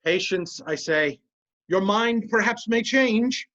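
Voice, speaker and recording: An actor reading the part of a cunning, scheming male officer in an amateur Shakespeare reading, with a measured, insinuating delivery. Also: mid-range voice, animated, a bit bright, highs cut off.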